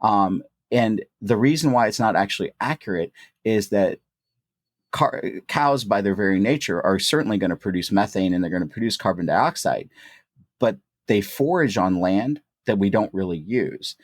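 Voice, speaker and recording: A man's voice: fairly low pitch, moderate pace, no echo, clean studio sound. A man, a physician guest on a podcast, telling stories animatedly and acting out the voices he quotes. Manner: animated storyteller who acts out quoted voices. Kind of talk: conversational interview, anecdotal storytelling.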